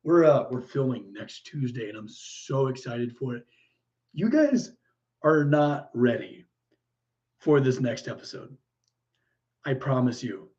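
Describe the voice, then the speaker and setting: A mellow man with a medium-pitched voice and lively intonation hosts a livestream, taking his time with long pauses as he reads viewer comments. He's chatty and easily delighted, frequently laughing and exclaiming, though the audio is muffled and lo-fi.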